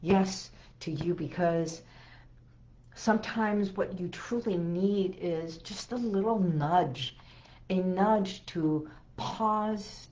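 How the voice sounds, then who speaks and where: A hypnotherapist woman giving an inspirational talk to camera, speaking slowly and soothingly with gentle emphasis and repetition. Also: mid-range voice, lo-fi sound. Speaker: hypnotherapist and healing coach.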